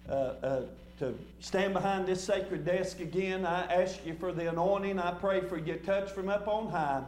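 A man's voice: high-pitched, moderate pace, hardly any pauses, a little mellow, roomy sound, a little hiss or hum. A man preaching a sermon in a folksy way, often repeating words and stumbling over fillers as he goes. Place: church sanctuary.

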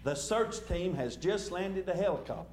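A man's voice: sits high, expressive, normal speed, darkish tone, roomy sound, slight background noise. A man voicing a small child whispering answers on the phone while telling a story in a sermon. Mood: hushed.

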